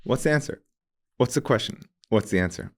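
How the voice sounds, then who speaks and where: A man's voice: fairly low pitch, lively intonation, fairly quick. A male host from the USA asking interview questions, fumbling and rephrasing them as he goes.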